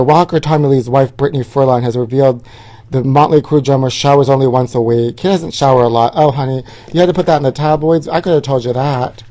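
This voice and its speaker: Campy middle-aged guy reading tabloids out loud, sassy asides, calls everyone honey, low mellow tone. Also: fairly quick. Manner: sassy, flamboyant, calls viewers honey, reads headlines then riffs. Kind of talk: campy gossip commentary.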